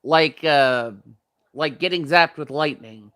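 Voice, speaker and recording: A man's voice: fairly high pitch, slow pace, fairly bright tone, clear, resonant tone. A young man chatting casually while tasting snacks, rambling with many fillers and talking with his mouth full. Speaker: vlogger.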